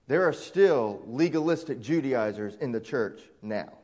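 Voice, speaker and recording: A man's voice: medium pitch, lively intonation, a little slow, few pauses, a little mellow. A man with a Southern American accent, preaching an emphatic sermon as a pastor. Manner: emphatic preaching, voicing imagined objectors. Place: church sanctuary. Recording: long church reverb.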